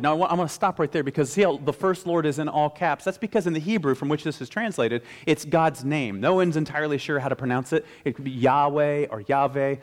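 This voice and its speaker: A male pastor giving a conversational sermon, stressing key phrases slowly and emphatically. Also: fairly high pitch.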